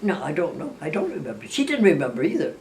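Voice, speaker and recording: This older woman talks fast and very animatedly in a low, darkish voice, telling family stories in a relaxed way. She keeps restarting and correcting herself as she rambles, and she acts out each person's voice. There's faint hiss from a distant microphone.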